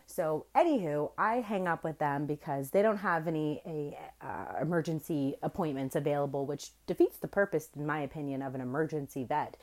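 A young woman hosts a podcast and tells a personal story in a loose, chatty way. Her voice sits low, and she swings between loud bursts and quiet asides, swearing casually. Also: a little fast, hardly any pauses. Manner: animated, profane, swings between loud and soft. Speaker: podcast host.

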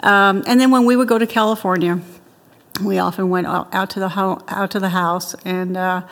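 Older woman, interviewee, chatty storyteller who laughs easily; mid pitch. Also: steady tone, normal speed, long reverb tail.

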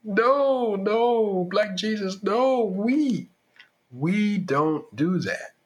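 A woman's voice: mid-range voice, expressive, drawn-out words, voice pushed up. A man voicing a shocked elderly grandmother who exclaims dramatically and calls on the Lord.

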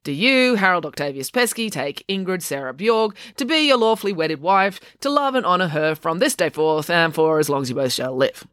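A storybook narrator voicing a brisk, impatient countrywoman who talks in a matter-of-fact, sing-song way. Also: medium pitch, expressive, fairly bright tone, no room sound, studio quality, close to an everyday voice. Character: brisk older countrywoman cat lady, impatient.

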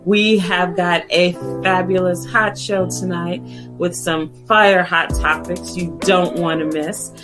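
A woman opens a radio talk show with a hyped, showy welcome. She speaks slowly in a lowish voice. Guitar music plays clearly behind her. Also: fairly even intonation. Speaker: show announcer. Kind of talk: show opening announcement.

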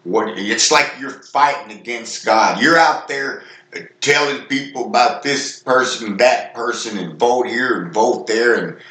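A man's voice: mid-range voice, measured pace, hardly any pauses, sharp tone, echoey room. A man preaching an informal sermon in a folksy, earnest, conversational way.

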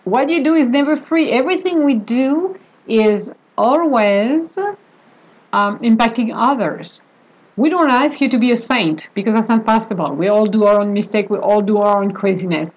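A woman's voice: fairly high pitch, normal speed, breathy edge, poor audio. A woman talking casually and emphatically about love spells, with chatty asides and a way of speaking English. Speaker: spiritual practitioner giving advice. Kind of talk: casual monologue.

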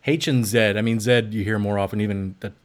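A man hosting a podcast in casual chat, joking and quick to laugh. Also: on the low side, steady tone. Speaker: podcast host.

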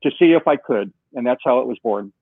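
A software co-founder being interviewed narrates a long story, animatedly performing the dialogue he quotes. He talks fast in a slightly rough mid-range voice with lively intonation, on a dry recording with a tinny, phone-like quality.

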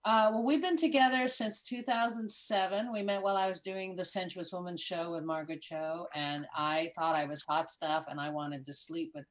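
A woman's voice: on the low side, steady tone, moderate pace, hardly any pauses. A woman comedian chatting effusively on a video call. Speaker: comedian guest. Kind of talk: casual chat.

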